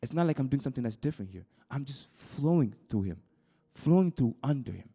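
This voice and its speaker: This young preacher addresses a youth group at a brisk clip, his voice slightly rough. He sinks into a gentle, confiding tone, then rises into excited, high-pitched outbursts, frequently repeating himself and starting sentences over.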